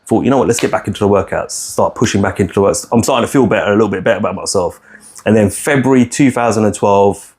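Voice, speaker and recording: A man tells a personal story on a podcast, talking from a fairly low register. He is blunt and unpolished, rambling through restarts and dropping swear words as he goes. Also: quick pace, a little mellow, slightly rough. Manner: frank, rambling, swears freely, many restarts. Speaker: podcast co-host.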